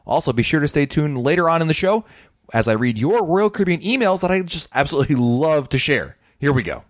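A quick-talking man hosts his own podcast in a loose, chatty way, with his pitch bouncing up and down. He tells stories with a self-deprecating streak. The mic is close and dry, with no room sound at all. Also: sing-song, dry recording. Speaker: podcast host. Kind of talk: casual solo podcast talk.

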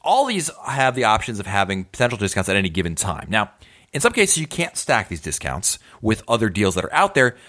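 A man's voice: fairly low pitch, huge pitch swings, fairly quick, sharp tone. A man hosting a podcast, giving tips in a casual, conversational way with emphatic asides. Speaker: podcast host.

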